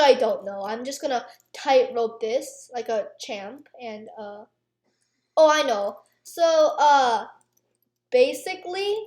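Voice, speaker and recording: Over footage of her gameplay, a teenage girl YouTuber rants in a chatty, meandering way, mocking herself and filling the gaps with fillers. She has a high-pitched voice with a darkish tone, recorded with reverb.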